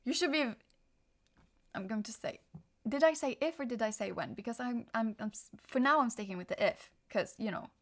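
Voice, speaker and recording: A woman's voice: a little high, a little fast. A young woman giving a casual tarot reading, rambling and interrupting herself with bursts of frustration. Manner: rambling, self-interrupting, animated. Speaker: tarot reader.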